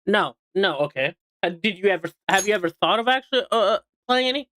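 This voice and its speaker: A man's voice: sits high, expressive, fast talker, a bit bright. A man streaming and chatting casually while eating, rambling with lots of fillers and restarts. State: hiccuping.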